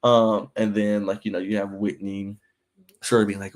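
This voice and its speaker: A man with a fairly low speaking voice chats through a casual gossip recap. He talks loosely, full of "like" and "you know," and keeps breaking into shrill, exaggerated impressions when he quotes people. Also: little pitch movement, normal speed. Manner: chatty, filler-heavy, acts out quoted lines in high voices. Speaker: recap show host.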